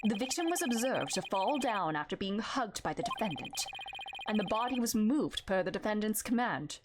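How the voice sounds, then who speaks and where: A woman voicing a composed, stern male chief prosecutor with formal, measured delivery, reading game dialogue aloud. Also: medium pitch, very animated, very noisy, lightly acted. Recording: loud game music behind.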